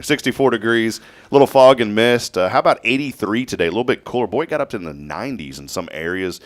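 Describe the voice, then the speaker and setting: A man's voice: sits low, animated, fast, faint music behind. A man with a Texan accent hosting a casual morning radio show, folksy and joking with his guests.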